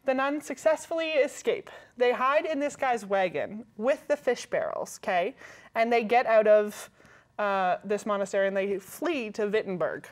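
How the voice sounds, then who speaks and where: A woman with a Canadian accent, co-hosting a casual chat and telling a story in a lively way, often checking in with her listeners. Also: a little high, normal speed. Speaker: co-host.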